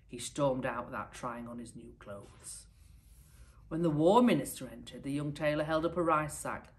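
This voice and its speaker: A primary school teacher reading a picture book aloud to her pupils. Her woman's voice sits low and is expressive and lively as she tells the story. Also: normal speed. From United Kingdom.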